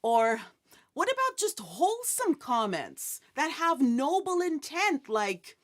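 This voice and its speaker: Slow, high-voiced woman hosting an inspirational talk. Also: sing-song. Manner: chatty, asks the audience questions, jokes. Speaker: host. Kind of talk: inspirational live-show talk.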